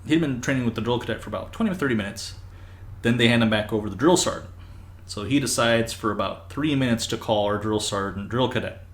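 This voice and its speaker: Low-voiced man recalling stories, roomy. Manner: relaxed, rambling, many fillers. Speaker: podcast host. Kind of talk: casual storytelling chat. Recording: roomy with faint background hiss.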